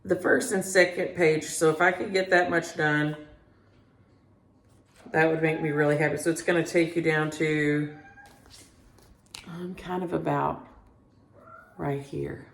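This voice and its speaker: Middle-aged woman vlogging her stitching at home, low and gravelly, rambling and chatty, echoey room. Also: steady tone, a little slow, long pauses. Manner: rambling, chatty, talks to her cats between thoughts. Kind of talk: casual chat.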